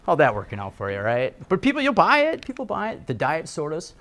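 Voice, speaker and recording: A middle-aged man gives a casual presentation to a live audience. His fairly high voice swings up and down a lot, and he keeps checking in with the room for agreement. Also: wildly swooping pitch, fairly quick, fairly bright tone. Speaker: health speaker.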